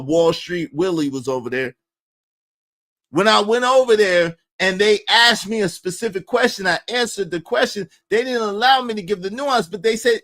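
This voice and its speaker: Preachy and emphatic, a livestream host rants with strong opinions, repeating lines for effect. His voice is high-pitched and a bit bright.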